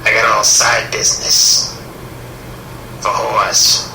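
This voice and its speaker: A man voicing a blunt, shady male caller from the Bronx pitching a side business. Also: flat delivery, takes it slowly, creaky, background noise. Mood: hustling. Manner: loud, blunt, hustling. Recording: echoey room from far off.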